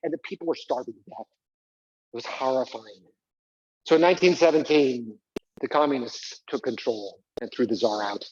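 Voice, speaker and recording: A man's voice: mid-range voice, normal speed, darkish tone, husky, no echo, highs cut off. A man performing a live one-man stage show, talking theatrically and prodding the audience to join in. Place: community center stage.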